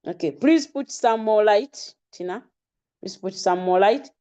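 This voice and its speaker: A woman's voice: mid-range voice, unhurried, mellow, smooth, highs cut off. A woman with a Ugandan accent teaching a live online lesson on trading settings, repeating key terms again and again and putting questions to her audience. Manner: repetitive, drilling key terms. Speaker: trading instructor.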